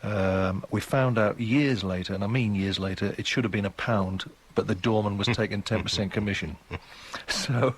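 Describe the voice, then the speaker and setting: A man's voice: on the low side, normal speed, few pauses, a little hiss or hum. A man in his sixties with a Geordie accent, a guest on a radio interview who tells long, rambling, chatty anecdotes. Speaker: guest musician.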